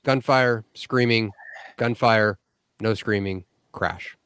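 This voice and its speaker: A man's voice: on the low side, slow, fairly bright tone, clean tone, no echo. A man co-hosting a podcast in casual chat, speaking emphatically with frequent cursing. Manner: emphatic, profane storyteller. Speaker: podcast co-host.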